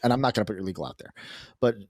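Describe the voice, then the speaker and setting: A man hosting a casual podcast, telling a story in an animated, profane way. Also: on the low side, rapid-fire, dry recording, clean studio sound. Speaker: podcast host.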